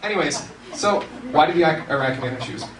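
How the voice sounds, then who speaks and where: Brief: young male stand-up, swooping bright delivery, caught from afar over room noise. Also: fairly high pitch, brisk. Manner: animated, laughing often, bursts of shouting. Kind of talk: stand-up comedy. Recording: roomy hall, distant mic, noisy.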